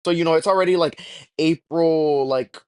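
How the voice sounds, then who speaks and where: A man's voice: on the high side, normal speed, clear, resonant tone, no echo. A young man telling a rambling, profane storytime with jokey exaggerations. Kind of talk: casual storytime rant.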